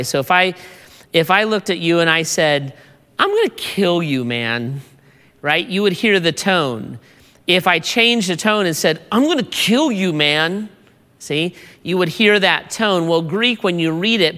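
A pastor preaching a sermon, deliberate and repeating words as the points build. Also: medium pitch, a bit bright. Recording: long reverb of a large hall.

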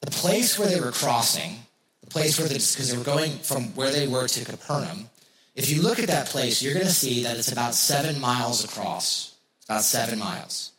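A man's voice: medium pitch, animated, moderate pace, a bit bright. Conversational male preacher in an echoey room. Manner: conversational, rhetorical questions, repeats key phrases. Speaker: pastor. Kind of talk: sermon. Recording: roomy echo.

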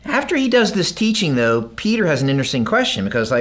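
Male pastor, sermon, animated delivery, slightly high voice, casual preaching tone. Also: fairly quick. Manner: animated, conversational preaching with acted-out quotes.

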